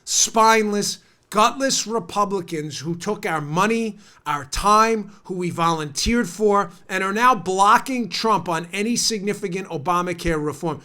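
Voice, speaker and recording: A man hosting a political talk show delivers an opinionated monologue, ranting sarcastically. His voice is high-pitched and sharp, a little slow yet with hardly any pauses, and he's a little stuffed up from a cold.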